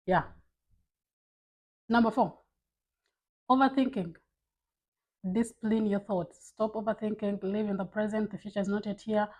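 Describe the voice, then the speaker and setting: Woman, husky voice, candid casual vlog talk, blunt, lots of fillers. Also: medium pitch, steady tone, normal speed, long pauses, darkish tone, poor audio. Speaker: vlogger.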